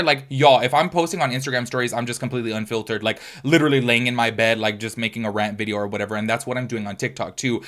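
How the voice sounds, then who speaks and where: A chatty young man talking straight to his viewers in a casual vlog. He talks fast and runs on, and his voice sits at an ordinary middle pitch. He calls his audience y'all. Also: fairly bright tone. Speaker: beauty YouTuber.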